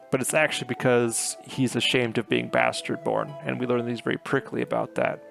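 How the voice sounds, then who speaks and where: A man's voice: mid-range voice, steady tone, fairly quick, gravelly, few pauses, fairly bright tone, faint music behind. A man giving a chatty, filler-heavy recap of a novel chapter, retelling scenes with paraphrased quotes. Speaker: book reviewer. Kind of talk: casual book recap.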